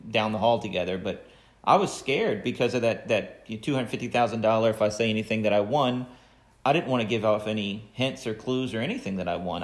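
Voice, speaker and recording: Low-voiced man chatting as podcast host. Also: roomy sound. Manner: relaxed conversational storyteller. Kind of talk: casual interview chat.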